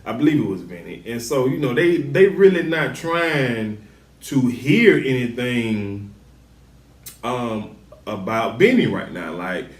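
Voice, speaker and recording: A man hosting a casual TV episode recap, talking in animated slang and acting out the characters' lines. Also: mid-range voice, slow pace, far from the mic. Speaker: TV show recap host. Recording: roomy sound, set back from the mic.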